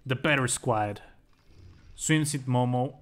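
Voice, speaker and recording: A young man commentating his own gameplay live, joking and swearing excitably. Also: mid-range voice, slow. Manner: excitable, swears often, jokey. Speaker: streamer.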